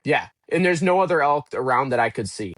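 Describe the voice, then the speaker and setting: Man telling a story with animated energy. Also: medium pitch, brisk, dry recording. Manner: animated, acts out his own past thoughts in quotes. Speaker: podcast guest. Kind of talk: casual storytelling interview.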